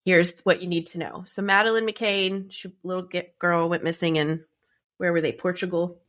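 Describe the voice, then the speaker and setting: A woman's voice: lowish voice, steady tone, normal speed, a bit bright. Woman, 30s, co-host; congested, chatty, rambling with fillers, recorded in a closet at home. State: stuffy, congested from a cold. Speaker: podcast co-host. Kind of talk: casual chat.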